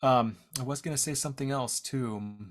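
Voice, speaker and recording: Casual male language teacher on a video call, mid-pitched, halting and self-deprecating, with audio that drops out from a shaky internet connection. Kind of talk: online presentation talk.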